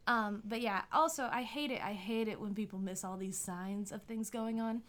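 Woman, casual podcast chat, blunt, swears a lot, fairly high voice. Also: a bit bright. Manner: blunt, swearing, quick to laugh, acts out quotes. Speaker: podcast co-host.

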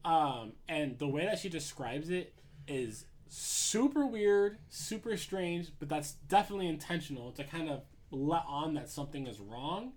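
A young man walks through a film's plot in a loose, conversational way, leaning on fillers and restarts. His voice sits a little high for a man. He speaks casually and unscripted. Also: expressive, measured pace, a little mellow. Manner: rambling storyteller with many fillers. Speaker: podcast host recapping a film. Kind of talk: casual chat, retelling a movie plot.

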